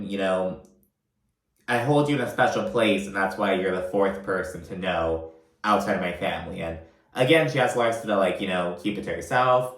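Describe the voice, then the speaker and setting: A man giving a casual, profane recap of a reality show, gossiping and acting out the cast's lines in quick voices. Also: on the low side. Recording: echoey room.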